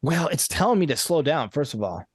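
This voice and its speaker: A man's voice: on the high side, big pitch swings, a little fast, slightly rough, no room sound, studio quality. A man guesting on a podcast as a coach, talking earnestly in a rambling, casual way with many restarts and repeated words. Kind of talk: casual conversational interview.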